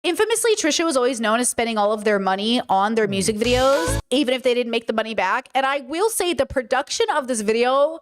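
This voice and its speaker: A woman's voice: on the high side, lively intonation, fast, few pauses, a little hiss or hum. A young woman streaming, reacting to a music video in casual, incredulous chat full of laughs and sarcastic asides.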